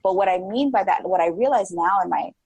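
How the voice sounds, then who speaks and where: A woman in her forties, a podcast guest, talking in a casual and animated way with lots of "like" fillers, often acting out her own past thoughts. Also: mid-range voice, brisk, vocal fry, slightly rough, no room sound, muffled recording. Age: 40s. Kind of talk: casual interview chat.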